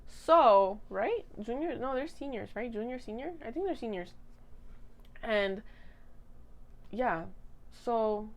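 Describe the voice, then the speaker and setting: A woman's voice: a little high, expressive, slow pace, long pauses, slight background noise. A young woman chatting casually into a desk mic at home, giggly and gushing as she rambles. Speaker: vlogger. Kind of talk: casual chat.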